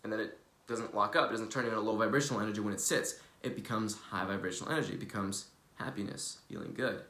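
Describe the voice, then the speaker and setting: A man's voice: on the low side, fast talker, sharp tone. A man giving casual, preachy motivational talk on a vlog, loose and earnest, swearing freely. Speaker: spiritual wellness vlogger. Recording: roomy echo.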